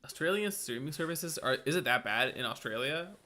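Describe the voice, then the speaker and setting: A man's voice: on the high side, lively intonation, a little fast, sharp tone. A man co-hosting a TV aftershow in casual chat, rambling through jokey tangents. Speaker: aftershow co-host.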